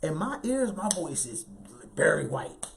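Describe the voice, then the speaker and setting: A man giving an animated, emphatic motivational talk in a light, youthful voice, often tagging lines with "right?". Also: a little high, measured pace, gravelly, slight background noise. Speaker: motivational speaker.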